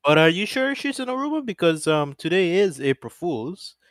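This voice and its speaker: A man's voice: fairly high pitch, very animated, moderate pace. A young man co-hosting a casual podcast, easygoing, asking questions and laughing along. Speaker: podcast co-host.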